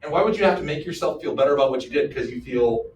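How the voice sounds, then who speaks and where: A history teacher, animated and joking, shoots rapid-fire questions at his class. His voice is a little high, and the recording, made from a distance in an echoey classroom, carries a slight hiss or hum.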